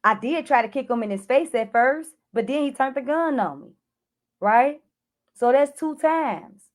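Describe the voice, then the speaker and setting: A woman's voice: sits high, a little slow. A woman clarity coach telling an emotional personal story to camera, addressing viewers directly and acting out her own frantic cries for help. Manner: animated, addresses viewers as y'all, acts out her own panicked shouts.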